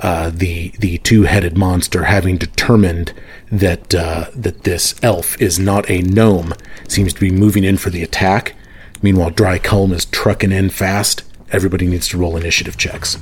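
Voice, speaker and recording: A man's voice: low voice, fairly even intonation, normal speed, breathy edge. A man narrating as game master of a tabletop game, easygoing, with many fillers.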